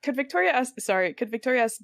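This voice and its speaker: A woman playing a tabletop game, casual and halting as she describes her character's actions. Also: a little high, sing-song, creaky, fairly bright tone, no echo. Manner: hesitant, halting. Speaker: player.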